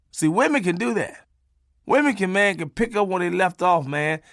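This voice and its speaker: A man telling a comic story from his own life, animated and profane, swinging from loud bursts to low asides. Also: normal speed, no echo, studio quality.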